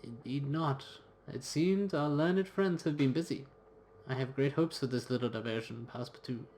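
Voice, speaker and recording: A man reads as an older gentleman explorer in a story game, calm and sage, speaking low and measured. The voice sits at a middle pitch. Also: a little hiss or hum, close to an everyday voice. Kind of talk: reading game dialogue aloud.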